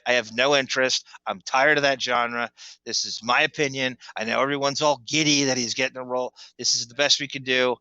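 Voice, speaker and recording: A man's voice: mid-range voice, fairly even intonation, a little fast, pushed and bright, no echo, muffled recording. A man co-hosting a podcast in casual chat. He gives blunt opinions and often restarts his sentences. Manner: blunt, opinionated, repeats words when starting sentences. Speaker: podcast co-host.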